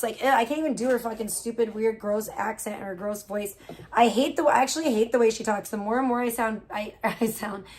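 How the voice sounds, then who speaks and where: A woman livestreamer in casual talk, profane and gossipy, venting at length about other streamers. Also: a little high.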